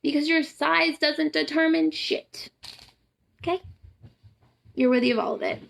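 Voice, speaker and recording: A young adult woman with a Southern US accent and a raised voice with a gravelly, fry-laced edge. She talks straight to camera on a live stream, blunt and profane, piling up emphatic questions and rants as she cheers her viewers on. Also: high voice, steady tone, unhurried. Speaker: boudoir photographer and empowerment coach. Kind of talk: casual live-stream pep talk.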